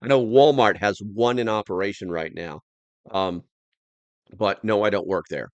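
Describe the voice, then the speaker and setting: A man's voice: lowish voice, moderate pace, no room sound, lo-fi sound. An American man hosting a casual livestream, rambling loosely and reading viewer comments aloud. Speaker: livestream host.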